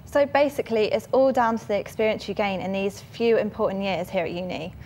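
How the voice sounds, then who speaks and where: A young woman co-presenting a student show, reading links briskly and chatting. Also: medium pitch, darkish tone, slight background noise. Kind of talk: scripted presenting and casual chat.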